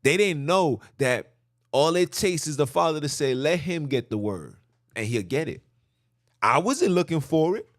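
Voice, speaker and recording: A male podcast host delivers an impassioned religious monologue, animated and preachy, repeating himself for emphasis. His voice is a little high at a moderate pace, with studio-quality sound and no room sound.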